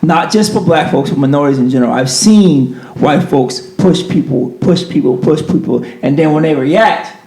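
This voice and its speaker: A man telling stories in a casual podcast chat, animated and profane. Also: on the high side, normal speed, few pauses, roomy sound.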